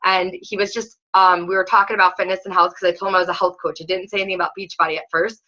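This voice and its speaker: Excitable female health coach, bright voice, story-driven pep talk, casual and a bit profane, dull lo-fi recording. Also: lowish voice, very fast. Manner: excitable storyteller, acts out quotes, many "like"s, casual swearing. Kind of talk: motivational talk to her coaching team.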